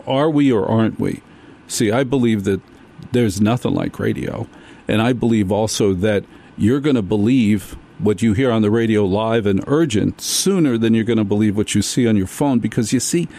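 A man's voice: medium pitch, expressive, moderate pace, mellow. A man hosting a talk radio show, delivering a sarcastic, ranting monologue.

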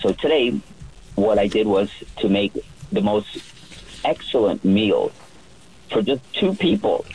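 Husky-voiced man telling stories. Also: fairly low pitch, a little mellow, low-quality recording. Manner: rambling, lots of fillers and restarts. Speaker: private yacht chef. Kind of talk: telling stories in a radio interview.

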